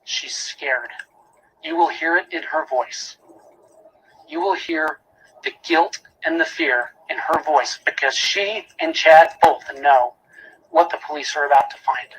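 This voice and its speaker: A man's voice: a little high, very animated, measured pace, a bit bright, slight background noise, rough recording. A man giving a prosecutor's closing argument in a courtroom, emphatic, repeating key phrases and asking rhetorical questions.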